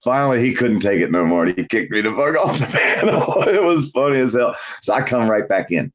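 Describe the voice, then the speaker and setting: A man speaks at a medium pitch, a little fast, with a slight hiss or hum in the recording. Chatting casually on a livestream, he tells boastful stories with a lively, swinging delivery, swearing a lot and laughing often.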